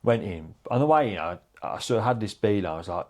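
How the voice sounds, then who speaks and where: A man, a chef, telling stories in a casual chat, animated and swearing freely, calling people "mate". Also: fairly low pitch, fast. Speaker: chef guest.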